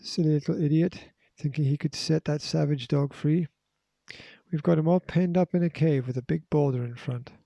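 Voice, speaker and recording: A man's voice: fairly high pitch, steady tone, moderate pace, vocal fry, no echo, highs cut off. A man voicing a menacing armed villain. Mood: scornful. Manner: harsh, threatening, forceful.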